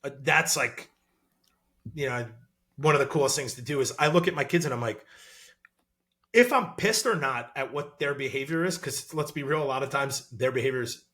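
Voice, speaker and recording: A man in his thirties, a former college football player, talking as a podcast guest in an animated, excitable way with lots of fillers. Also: medium pitch, moderate pace. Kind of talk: casual podcast interview.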